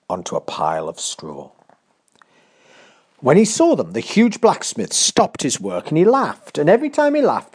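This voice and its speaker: A man reading a fairy tale aloud, expressive and dramatic. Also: mid-range voice. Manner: expressive, dramatic, pace shifting with the action. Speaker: storyteller. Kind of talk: storybook narration.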